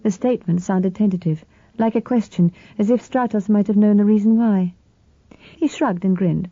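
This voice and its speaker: A woman narrating a novel in the first person, reading in an even, measured way. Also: medium pitch, no echo. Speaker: audiobook narrator. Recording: slightly dull, dry lo-fi recording.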